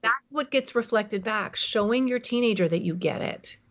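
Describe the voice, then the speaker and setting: A woman's voice: fairly high pitch, normal speed, fairly bright tone, highs cut off. A woman being interviewed as a parenting expert on a podcast, explaining emphatically and acting out examples.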